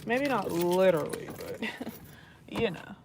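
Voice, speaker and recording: A woman's voice: mid-range voice, a little slow. A young woman vlogger talking casually into her phone, blunt and exasperated, swearing often while she walks around. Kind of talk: casual rant to camera. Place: walking around outdoors and indoors with a phone. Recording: phone audio with steady background noise.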